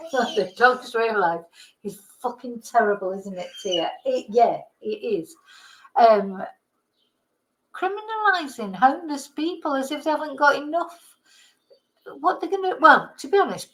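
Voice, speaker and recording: A woman's voice: on the high side, poor audio. A woman from Britain, a vlogger, delivering an indignant, heated political rant with some swearing.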